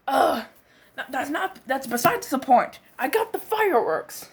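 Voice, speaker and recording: A woman performing a comedic skit, voicing quarrelling characters with cursing, yelps and shouting outbursts. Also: high voice, wildly swooping pitch, a little slow, husky.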